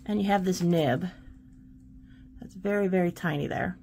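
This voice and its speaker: A woman's voice: medium pitch, a little slow, long pauses, a little mellow, slight background noise. A woman hosting a casual art tutorial, chatting and encouraging while she demonstrates paint pens.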